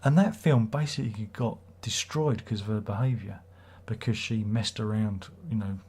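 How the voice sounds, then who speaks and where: A man's voice: fairly low pitch, moderate pace, darkish tone, breathy edge. A man hosting a casual livestream, rambling and swearing as he reads viewer comments aloud. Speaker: livestream host.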